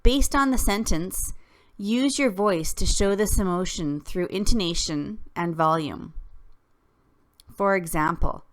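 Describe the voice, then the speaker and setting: A woman teacher reading a scripted lesson, careful and deliberate, with clear pauses. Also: lowish voice. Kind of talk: slow scripted lesson narration.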